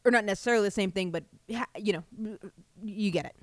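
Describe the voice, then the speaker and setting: A woman's voice: mid-range voice, fast talker, no echo. Profane woman telling a rambling comic story. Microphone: home podcast mic.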